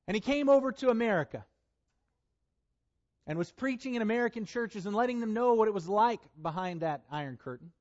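High-voiced man preaching a sermon. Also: animated, a little mellow, highs cut off. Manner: deliberate, emphatic scripture reading. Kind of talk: sermon with scripture reading.

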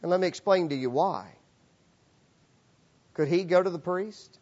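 Male pastor, sermon, high voice, animated, acts out characters, muffled lo-fi sound. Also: a little slow. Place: church.

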